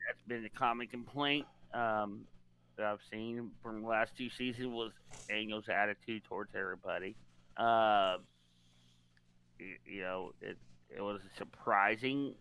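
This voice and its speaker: A man's voice: on the low side, measured pace, bright, forceful tone, clean tone. A man co-hosting a casual podcast chat, rambling with lots of fillers and restarts. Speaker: podcast co-host.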